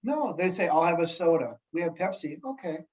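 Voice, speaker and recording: A man speaking as a guest in casual podcast chat, telling stories in an animated, jokey way with many restarts. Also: on the high side, fairly quick, highs cut off. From United States. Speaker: guest, sales executive and elected official.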